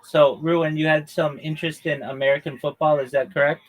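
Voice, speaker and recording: A man's voice: a little high, steady tone, a little fast, low-quality recording. A man hosting a voice-chat livestream, talking in a friendly, welcoming way. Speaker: host.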